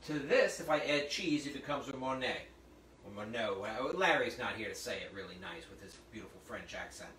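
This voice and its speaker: A man's voice: mid-range voice, brisk, few pauses, a bit bright, a little hiss or hum. A man giving a live cooking demonstration in a kitchen, talking the audience through each step as he cooks. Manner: chatty, explains steps as he cooks. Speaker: cooking instructor. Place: hot kitchen. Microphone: phone streaming to a remote audience. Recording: echoey room, voice from a distance.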